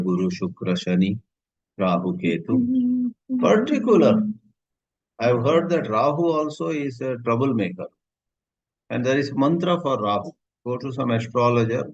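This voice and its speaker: A man lectures on scripture in a conversational, storytelling manner, using Sanskrit terms. His voice sits at a middle pitch. The recording is slightly muffled and lo-fi. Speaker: spiritual teacher.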